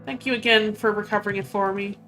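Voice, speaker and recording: A woman's voice: medium pitch, fairly even intonation, fast talker, bright, forceful tone, soft background music, natural voice. A woman reading a hot-tempered male knight's dialogue aloud, in a raised, emphatic voice. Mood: grateful. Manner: reads quest dialogue aloud with lifted emphatic delivery.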